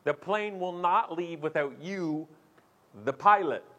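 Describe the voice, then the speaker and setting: A man's voice: high voice, takes it slowly, dull audio. A man giving a keynote talk as a speaker and show host, telling a funny story and acting out the voices of the people in it. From Canada. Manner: animated, acts out voices with big swings.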